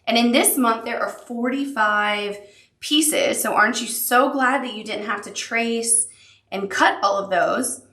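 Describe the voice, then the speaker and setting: A woman's voice: a little high, a little slow, pushed and bright, echoey room. A woman teaching a sewing machine appliqué tutorial, upbeat and encouraging as she talks the viewer through each step. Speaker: quilting instructor.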